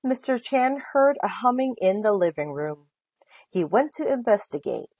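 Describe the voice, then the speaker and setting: A woman volunteer reading a children's book aloud with expressive storytelling. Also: medium pitch, normal speed, slightly rough, dry recording, lo-fi sound. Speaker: volunteer reader.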